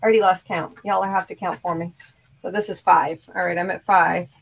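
A woman's voice: lowish voice, fairly even intonation, fairly quick, gravelly, husky, poor audio. A woman hosting a crafting show, chatting casually and upbeat while showing her projects.

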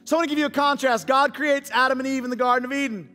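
A male pastor with a very high, bright and forceful voice delivers a lively sermon, telling the story in casual slang and playing out the dialogue. He sounds like he is in a church hall with a long echo, and soft music plays underneath. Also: very fast, hardly any pauses. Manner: dynamic storytelling preacher, slangy, acts out dialogue. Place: church auditorium.

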